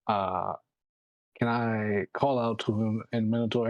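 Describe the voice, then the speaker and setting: A man's voice: on the low side, fairly even intonation, extremely slow, pauses often, no echo, muffled recording. A man playing a tabletop game, talking in a brash, joking way with plenty of cursing. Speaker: player. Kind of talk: casual tabletop role-play.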